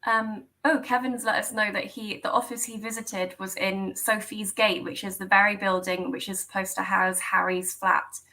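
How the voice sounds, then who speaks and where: A woman's voice: medium pitch, level tone, normal speed, hardly any pauses, bright, forceful tone, low-quality recording. A woman hosting a live online Q&A on a video call, friendly, with lots of ums and laughs. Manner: friendly, frequent ums, giggly. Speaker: host.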